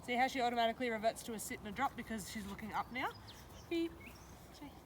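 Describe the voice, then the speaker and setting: A woman dog trainer who calmly explains a trick, then praises her dog in a high sing-song voice. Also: quick pace, long pauses, background noise. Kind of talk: casual training demonstration. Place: outdoors or open training space with a dog.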